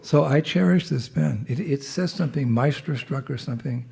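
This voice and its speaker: A monk with a cold giving a humorous, conversational temple talk as guest speaker. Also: male voice, mid-range voice, normal speed, vocal fry, mellow. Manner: humorous storyteller, loose and conversational. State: has a cold. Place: temple hall.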